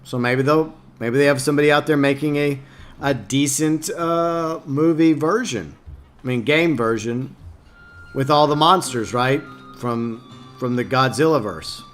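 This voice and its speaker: A man's voice: medium pitch, unhurried, faint music behind. A man chatting casually during a live game stream, answering viewers and joking in a mock-whiny way.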